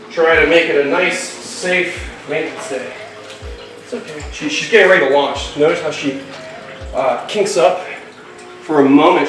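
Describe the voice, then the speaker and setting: A man's voice: fairly high pitch, a bit bright. A man hosting a casual animal-keeping vlog, talking enthusiastically and coaxing his reptiles along. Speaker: reptile keeper and show host. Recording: echoey room from a distance.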